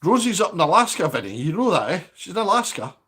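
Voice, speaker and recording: A man's voice: high-pitched, big pitch swings, quick pace, bright, forceful tone. A Scottish man chatting casually on a live stream from his home, reading out viewer comments and asking for likes.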